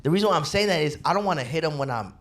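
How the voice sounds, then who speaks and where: Man, podcast co-host, casual chat, animated storyteller, roomy sound. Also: a little high, racing. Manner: animated storyteller who acts out quotes. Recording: roomy room with faint background noise.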